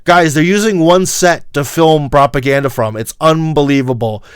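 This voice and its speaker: Livestream host: Midwestern American man, rambling and emphatic, smooth dry voice, close to the mic. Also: fairly high pitch, moderate pace, no echo. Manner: rambling, many fillers, emphatic asides to viewers. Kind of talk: casual livestream monologue.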